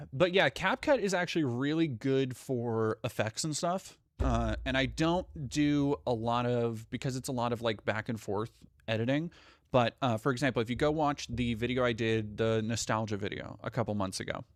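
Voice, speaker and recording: A man with a medium-pitched voice speaks at normal speed in studio-quality audio with no room sound. He's streaming live, rambling casually and profanely while reading viewer comments aloud.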